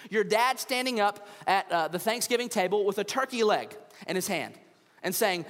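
Animated preacher with a drawl. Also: male voice, high voice, normal speed, in a large hall. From United States. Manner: animated storytelling, acts out voices, humorous. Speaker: pastor. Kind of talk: sermon. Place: church stage.

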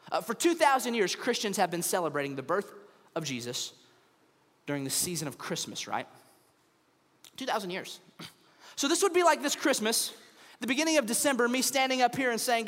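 Pastor, man, high lively voice, hall reverb, acts out bits. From United States. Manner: animated storytelling, acts out voices, humorous. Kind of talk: sermon. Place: church stage.

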